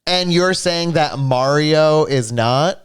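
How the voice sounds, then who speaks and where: Young male streamer, smooth clear voice, animated, playfully argumentative banter. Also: fairly high pitch, slow. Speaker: livestream co-host. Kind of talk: casual gaming stream chat.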